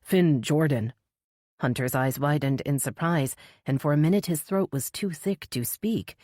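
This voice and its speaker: Woman narrator, very low voice, measured, dry close sound. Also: dark tone, dry recording. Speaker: audiobook narrator. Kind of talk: scripted narration.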